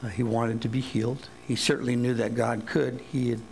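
A man's voice: medium pitch, level tone, brisk, vocal fry, darkish tone, slight background noise, rough recording. A male pastor giving a sermon in a casual, joking way, paraphrasing Bible stories in everyday speech.

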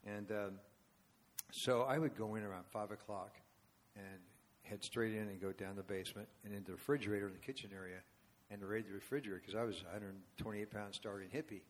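Older guy preaching in a church, lowish voice, wanders off on side remarks and talks to the crowd. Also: fairly even intonation, brisk. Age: 70s. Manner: rambling and conversational, asides to the congregation. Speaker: guest speaker and worship leader. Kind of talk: storytelling sermon. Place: church before a congregation.

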